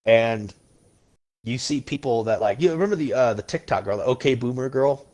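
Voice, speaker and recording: A man's voice: mid-range voice, animated, brisk, warm tone. Blunt, profane male podcast host. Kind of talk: casual political rant.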